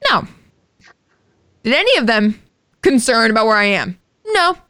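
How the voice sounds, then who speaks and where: A woman's voice: on the high side, measured pace. A woman co-hosting a podcast, telling a story in casual chat with lots of swearing. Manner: animated, profane storytelling. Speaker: podcast co-host.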